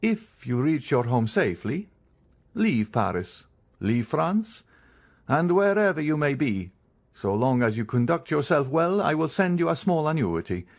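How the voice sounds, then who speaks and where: A man's voice: fairly high pitch, very animated, voice pushed up, full character voice. A man voicing a cold, commanding count. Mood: stern. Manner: cold, contemptuous, measured. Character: stern, commanding male count disguised as priest. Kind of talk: audiobook character reading.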